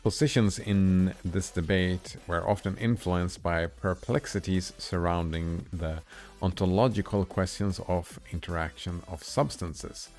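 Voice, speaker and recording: A man who reads a philosophy text aloud slowly and haltingly, adding small comments of his own, sounding tired. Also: low voice, steady tone, darkish tone, soft background music. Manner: slow, halting reading with comments in between. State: tired, yawning. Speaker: streamer reading philosophy aloud. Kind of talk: reading a text aloud with asides.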